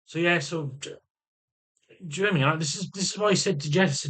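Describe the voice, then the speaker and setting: A Welsh man talks straight to camera in a loose, rambling vlog, swearing freely and stumbling over restarts. His voice sits a little higher than most men's. He sounds blunt and sardonic. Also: quick pace, long pauses, a bit bright, husky. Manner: rambling and profane, with frequent restarts. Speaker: vlogger. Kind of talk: casual vlog monologue.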